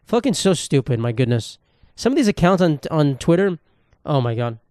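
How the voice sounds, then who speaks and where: A man's voice: fairly high pitch, big pitch swings, normal speed, a little mellow, no room sound, clean studio sound. A young man hosting a solo podcast from his apartment, rambling and swearing in a jokey way. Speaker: podcast host.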